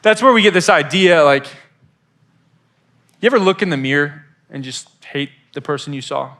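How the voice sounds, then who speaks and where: An animated man in his thirties preaches to a youth group, his bright voice sitting a little high for a man. He tells stories with energy and acts out the voices on the phone. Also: moderate pace. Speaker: youth pastor. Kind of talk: youth sermon.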